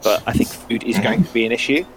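A man playing a tabletop game, talking through plans in a halting way with frequent restarts. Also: mid-range voice, animated, a little hiss or hum. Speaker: player. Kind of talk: tabletop role-play chat.

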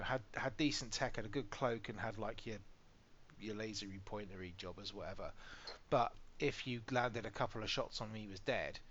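A man's voice: medium pitch, a bit bright, a little hiss or hum. A British man co-hosting a gaming podcast, chatting casually and telling stories animatedly, swearing freely. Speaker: podcast co-host. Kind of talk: casual chat. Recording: slightly muffled podcast audio.

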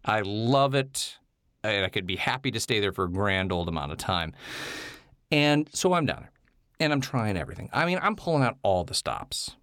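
Animated low-voiced man telling a story. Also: moderate pace, no echo, studio quality. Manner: animated, digressive, playfully defensive. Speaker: podcast co-host telling a story. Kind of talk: candid casual storytelling.

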